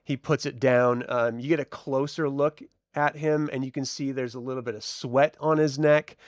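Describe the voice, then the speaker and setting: A man's voice: mid-range voice, fairly even intonation, normal speed, dry recording. Man narrating a tabletop game, dry sound. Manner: casual, rambling with fillers. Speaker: storyteller.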